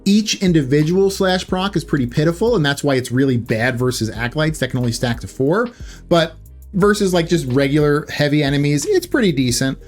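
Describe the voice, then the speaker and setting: A man's voice: fairly high pitch, big pitch swings, brisk, soft background music. Chatty man commentating gameplay. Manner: chatty, self-correcting, loose filler words. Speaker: gaming YouTuber.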